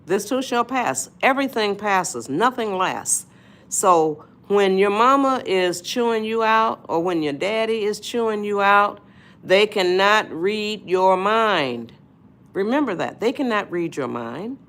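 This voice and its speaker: Slow, lively-pitched woman giving a motivational talk. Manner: emphatic, repeats "you see?", addresses viewers as y'all. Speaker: live-stream host. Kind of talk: motivational live-stream talk.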